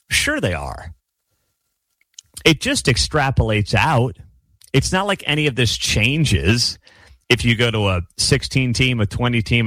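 A man delivers solo sports commentary as the host of his own channel, emphatic and openly sarcastic. His voice sits at an ordinary middle pitch. The sound is close and dry, with no room around it. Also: fairly bright tone, no room sound.

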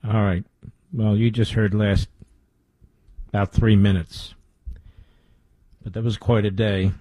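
A man's voice: on the low side, flat delivery, slow pace, mellow, dry recording, poor audio. A man hosting a radio talk show, speaking in an emphatic, self-assured on-air monologue.

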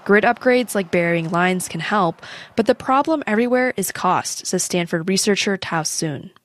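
A woman reporting a public radio news story in a measured, clear voice. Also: mid-range voice.

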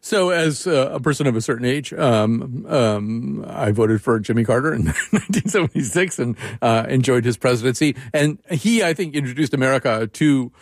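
An older man hosting a radio interview, talking in a conversational, animated way with frequent restarts. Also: mid-range voice, moderate pace, hardly any pauses, dry recording, clean studio sound. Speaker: radio show host.

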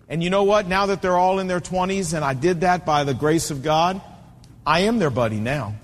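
A man's voice: high-pitched, brisk, fairly bright tone, in a large hall. A man in his fifties preaching a sermon with an emphatic, repetitive cadence. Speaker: pastor.

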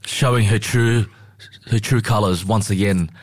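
Aussie man, radio sports host, lowish voice, chatty, halting with fillers. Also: fairly even intonation. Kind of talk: casual sports chat.

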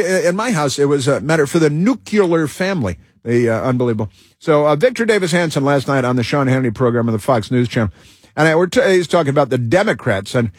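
Husky-voiced man rambling as talk host. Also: mid-range voice, no room sound, clean studio sound. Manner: halting, with many fillers and restarts. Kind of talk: rambling talk show monologue.

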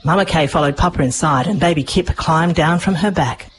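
A woman narrating a children's story with lively expression. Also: sits low, brisk, slight background noise, low-quality recording. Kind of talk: storybook reading.

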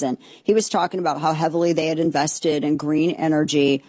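A woman's voice: deep voice, a little fast, a little mellow, dry recording. A woman hosting a commentary show, giving heated political opinions in a rambling way with frequent restarts and exasperated outbursts.

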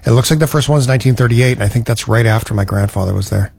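Slightly husky man chatting. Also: mid-range voice, racing, darkish tone, no room sound. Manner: enthusiastic, chatty. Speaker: podcast co-host. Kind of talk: casual chat.

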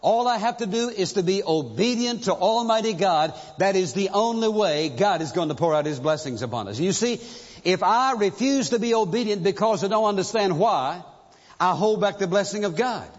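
A man with a high-sitting voice and lively intonation preaches at a normal speed, emphatically telling a story and asking rhetorical questions. The recording, made in a big church hall, sounds dull and echoey. He is a pastor giving a sermon.

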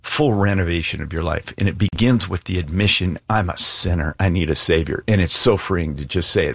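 A man's voice: sits low, a little fast, creaky, few pauses, fairly bright tone, breathy edge, no echo. A male pastor preaching an earnest, emphatic sermon and altar call, plain-spoken with casual asides.

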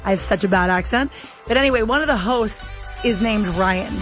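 A woman's voice: medium pitch, fairly quick. Chatty female talk radio host, slightly dull sound, music underneath. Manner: chatty, self-deprecating. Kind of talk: casual radio chat.

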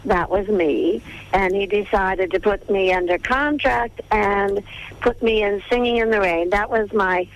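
An older woman who grew up in Texas, a veteran film star reminiscing in a radio interview over the phone, listing names at an unhurried pace. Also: medium pitch. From Texas, USA. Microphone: telephone. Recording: tinny phone line, radio broadcast.

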